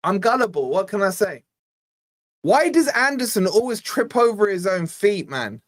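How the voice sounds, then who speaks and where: A young man from Scotland hosting a live fan watch-along, giving exasperated, chatty play-by-play and reading out viewer shout-outs. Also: high voice, sing-song, normal speed. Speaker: fan channel host.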